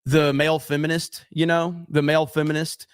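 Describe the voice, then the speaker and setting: A man leads a casual live stream, talking bluntly and cursing freely as he goes through viewer comments. His voice sits a little high for a man. The sound is dry and close, with no room around it. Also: level tone, normal speed, smooth, dry recording. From USA. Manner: blunt, profane, reads comments aloud.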